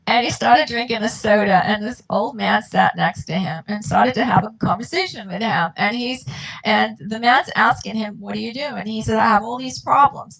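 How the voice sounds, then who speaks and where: A woman speaks as a guest about raising her children. Her voice sits a little high and has a gravelly edge. She talks earnestly and from the heart, and she voices the other people in her story as she tells it. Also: a bit bright, rough recording. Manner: earnest, heartfelt, acts out quoted dialogue. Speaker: guest, mother of a dyslexic child. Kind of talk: emotional personal storytelling.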